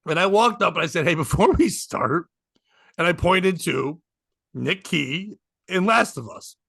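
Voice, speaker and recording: A man's voice: high voice, normal speed, gravelly, no echo, studio quality. A man telling comedy stories on a podcast, laughing often and acting out what people said. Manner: animated, laughs often, acts out quotes. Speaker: comedian guest. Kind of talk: casual podcast storytelling.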